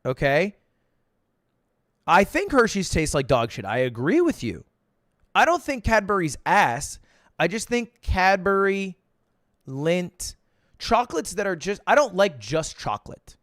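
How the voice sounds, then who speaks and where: An American streamer in his twenties talks casually to his chat. He is jokey and animated, and his voice sits high and swings all over. The close mic gives a dry sound with no room in it. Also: a little slow, long pauses, dry recording.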